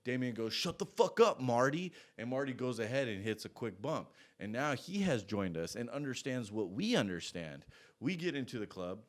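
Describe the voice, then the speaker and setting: A man's voice: mid-range voice, animated, normal speed. A man telling a story in a casual, rambling way, swearing a lot and trailing off into asides.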